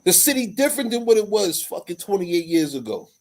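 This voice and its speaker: New York man in his forties for a casual podcast: lively, swinging delivery, husky tone, heavy slang and swearing. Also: sits high, brisk, low-quality recording. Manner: animated, profane, street slang. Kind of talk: casual chat.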